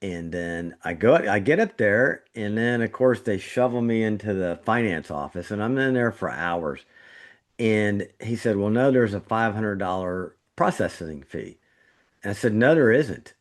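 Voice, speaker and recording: Man, low voice, middle-aged, casual podcast chat, animated storytelling with indignant jumps. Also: a little slow. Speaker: trauma surgeon, podcast co-host.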